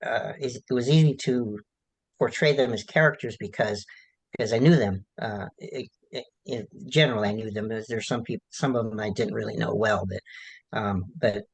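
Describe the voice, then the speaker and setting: A man, an author being interviewed, answering in a halting, rambling way with many restarts and fillers. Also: on the low side, vocal fry, husky, poor audio. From United States.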